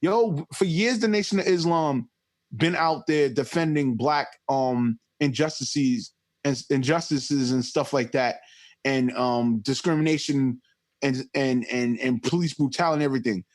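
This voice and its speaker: A man's voice: mid-range voice, normal speed. A man in his thirties hosting a podcast, talking emphatically and swearing freely in casual conversation. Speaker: podcast host.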